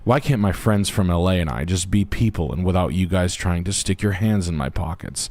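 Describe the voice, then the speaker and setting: A man's voice: low-pitched, fairly quick, darkish tone. A man hosting a livestream, talking in a brash, profane, rambling way. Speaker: realtor and livestream host. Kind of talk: crude casual stream chat.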